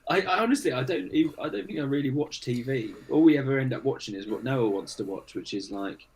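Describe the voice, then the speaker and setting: Husky guy guesting on a podcast, blunt, swears a lot, pitch all over the place. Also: expressive, brisk. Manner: blunt, swears freely, acts out commenters' voices. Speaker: guest, cooking content creator. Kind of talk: casual podcast chat.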